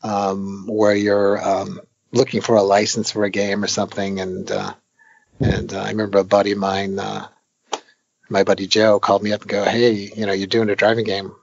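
An older man, a game designer, talking casually in an interview, rambling with lots of fillers and animated retellings. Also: lowish voice, moderate pace, gravelly, dry recording, muffled recording. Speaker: veteran arcade game designer, guest.

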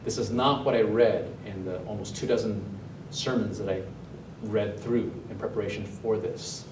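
Pastor, male, mid-pitched, lively sermon delivery, recorded from a distance in a reverberant sanctuary with a faint hum. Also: normal speed. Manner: animated, asks the congregation questions. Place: church sanctuary, also streamed online. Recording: roomy echo, mic at a distance.

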